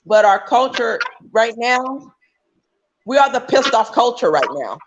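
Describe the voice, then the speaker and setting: A woman's voice: fairly high pitch, sing-song, unhurried, dull audio. A woman talking on a livestream call as a guest, emphatic and often restarting her sentences. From United States. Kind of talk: casual chat.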